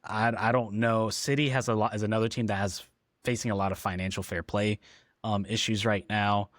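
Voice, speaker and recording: A man's voice: lowish voice, little pitch movement, a little fast, a bit bright, dry recording, clean studio sound. A man co-hosting a casual football podcast, talking with frequent ums and restarts. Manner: hesitant, lots of ums and restarts. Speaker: podcast co-host.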